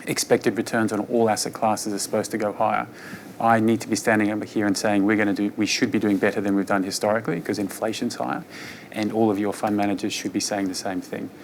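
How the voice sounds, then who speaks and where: A fund manager, a man, giving an investor presentation on markets in a relaxed, conversational way with frequent fillers. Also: lowish voice, slight background noise.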